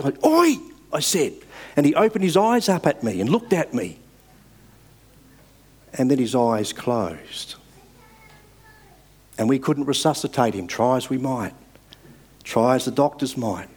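A man preaching a sermon in an earnest, measured way, rising for emphasis and dropping soft at the ends of phrases. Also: medium pitch, slightly rough.

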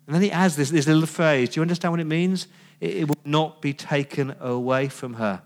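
Male pastor, conversational sermon, rhetorical questions, voice a bit high. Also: a little fast.

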